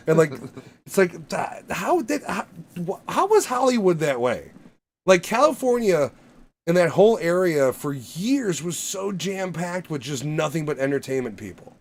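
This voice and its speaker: A man's voice: on the high side, expressive, moderate pace. A man co-hosting a casual movie podcast, swearing freely and rambling through stories. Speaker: podcast co-host. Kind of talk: casual chat.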